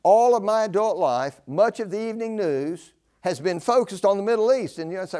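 Older man preaching a fervent sermon. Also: lively intonation. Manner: fervent preaching, swinging between loud declaring and low, slow emphasis.

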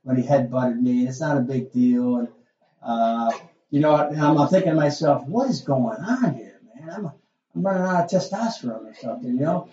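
A man's voice: medium pitch, brisk, warm tone, roomy sound, muffled recording. A middle-aged male pastor preaching a sermon in a folksy, conversational way, full of asides and rhetorical questions.

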